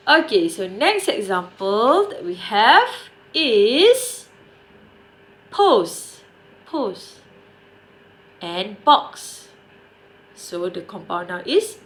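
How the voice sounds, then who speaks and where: A woman's voice: medium pitch, sing-song, drawn-out words, pauses often, fairly bright tone. A young woman with a Malaysian English accent teaching a grammar lesson online. She stresses key words and sometimes switches into Malay. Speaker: primary school English teacher.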